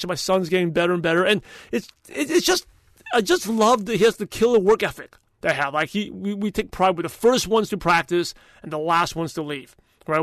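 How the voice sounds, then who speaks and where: A man with a high-pitched voice hosts a solo podcast, recorded dry and close. He talks in an emphatic, motivational way, rambling and restarting his sentences as he goes. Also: a bit bright, no room sound. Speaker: podcast host.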